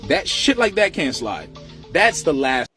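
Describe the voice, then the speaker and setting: A man's voice: fairly high pitch, unhurried, soft background music. A man giving blunt, profane commentary, ranting to viewers. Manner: blunt, animated, heavy cursing. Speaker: commentator reacting to a viral video.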